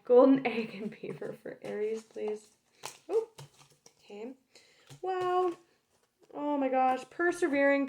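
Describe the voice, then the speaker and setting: A woman's voice: a little high, darkish tone. A young woman casually talking through a tarot reading, chatty, with many "like"s and "right?"s. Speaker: tarot reader.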